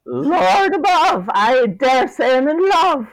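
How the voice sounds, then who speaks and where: A man's voice: extremely high pitch, big pitch swings, slow, a bit bright, dry recording, voice pushed up, exaggerated voice, low-quality recording. A man voicing a spirited male leprechaun with a folksy, hearty delivery. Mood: smitten.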